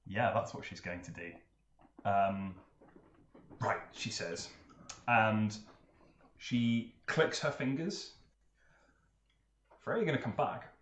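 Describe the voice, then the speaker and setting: A man narrating as game master of a tabletop role-playing game, laughing often and filling pauses as he goes. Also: on the low side. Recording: roomy, with faint hiss.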